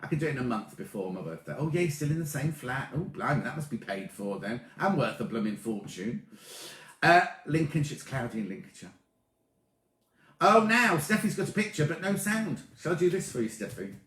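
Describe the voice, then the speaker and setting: A man in his late thirties hosting a casual sewing livestream, chatting excitably and greeting viewers by name as he reads their comments. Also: a little high, normal speed. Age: 30s. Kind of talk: casual live-stream chat reading comments. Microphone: tablet or camera mic. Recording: echoey room.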